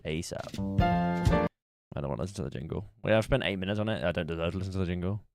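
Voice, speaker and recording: Brief: male streamer, very low voice, dry close sound, casual thinking-aloud chat. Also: fast talker, creaky, a little mellow, no room sound, faint music behind. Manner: musing aloud while playing a guessing game.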